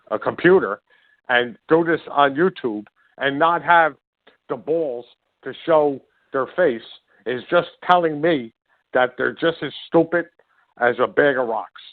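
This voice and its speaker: A man's voice: mid-range voice, no room sound. A man hosting his own podcast, ranting furiously and hurling insults in a rambling, stumbling way. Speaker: podcast host. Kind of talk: angry ranting monologue. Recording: dry, phone-like lo-fi sound.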